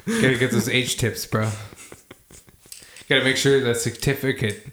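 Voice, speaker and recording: A man co-hosting a casual podcast with friends, making dry, deadpan quips. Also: medium pitch, normal speed, echoey room, slight background noise. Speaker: podcast co-host. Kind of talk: joking banter.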